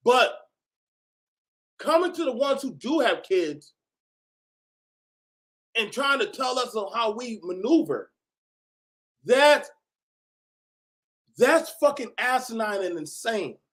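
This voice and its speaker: A man hosting a reaction video, talking casually and profanely, often bursting into shouts. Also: extremely high pitch, sing-song, slow pace, pauses often.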